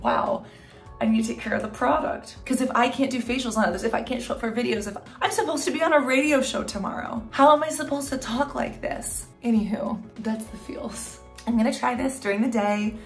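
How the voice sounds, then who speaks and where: A woman talking to the camera in a casual skincare vlog, chatty and rambling as she tests products, tired and a bit loopy late at night. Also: on the high side. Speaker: skincare creator.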